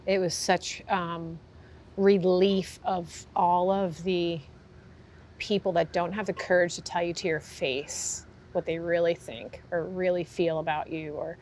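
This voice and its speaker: A woman horse trainer talks candidly in an interview, her voice sitting a little low. She tells stories in an animated, open way with plenty of fillers. A faint background hiss runs under the conversation. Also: measured pace. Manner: animated, acts out quoted reactions, frequent fillers.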